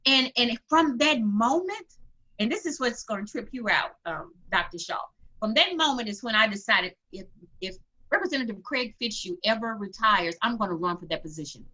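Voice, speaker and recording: A woman's voice: fairly high pitch, animated, moderate pace, sharp tone. A woman running for office, telling her story earnestly in an interview, with emphatic repeats. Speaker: political candidate. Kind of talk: interview conversation. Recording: dull lo-fi sound.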